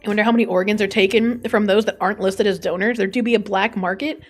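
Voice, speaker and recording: A woman's voice: mid-range voice, fairly even intonation, fast. A young adult woman streaming, chatting casually, reading an article aloud and swearing freely as she reacts to chat. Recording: faint music behind.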